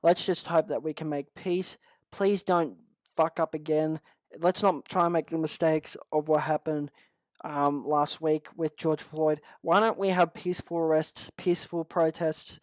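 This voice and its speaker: A man's voice: fairly high pitch, level tone, unhurried, no echo, low-quality recording. A young man with an Australian accent, upset, ranting in a vlog monologue, swearing constantly and restarting his sentences. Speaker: channel host.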